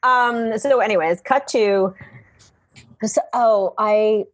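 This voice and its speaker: A woman, a comedian guest and mother, telling a story in casual, animated comedic chat. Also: medium pitch, takes it slowly. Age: adult with young children. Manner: animated, acts out people in her stories.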